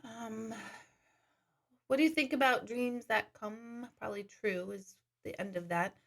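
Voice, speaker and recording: A woman's voice: a little high, a little slow, gravelly, fairly bright tone. A woman working as an intuitive medium, chatting casually on a live stream, reading viewer questions aloud and laughing often.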